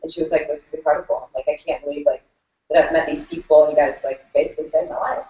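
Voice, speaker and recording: A woman's voice: sits low, fairly even intonation, quick pace, warm tone. A woman coach sharing a client story in a group, emotional and chatty, saying "like" constantly. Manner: chatty, says "like" a lot. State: emotional, near tears. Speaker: fitness coach. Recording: distant mic in an echoey room, dull.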